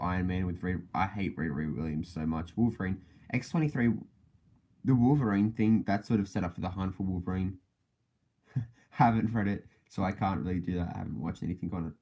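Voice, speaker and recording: This podcast host has a low, dark voice and talks a little fast on a casual livestream. He rambles with lots of fillers and self-corrections, laughing often between thoughts.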